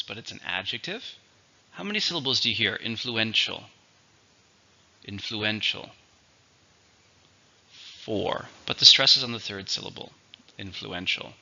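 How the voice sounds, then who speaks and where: Low gravelly guy teaching vocab, says every word twice real slow, kinda muffled lo-fi audio. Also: pushed and bright. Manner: patient, repeats each word slowly for learners. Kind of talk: recorded vocabulary lesson.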